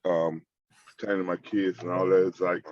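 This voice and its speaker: A low-voiced man calls into a webinar. He speaks haltingly and stumbles over his words, and his voice comes through a dull, lo-fi call line. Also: flat delivery, noisy background. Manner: halting, many fillers and restarts. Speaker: caller. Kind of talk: call-in question.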